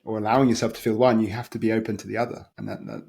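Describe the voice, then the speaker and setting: A man hosting a podcast, talking candidly and searchingly, stumbling and repeating words as he thinks out loud. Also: fairly low pitch, flat delivery, very fast, creaky. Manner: candid and searching, with many stumbles and soft laughs. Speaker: podcast host and coach. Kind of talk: open conversational chat.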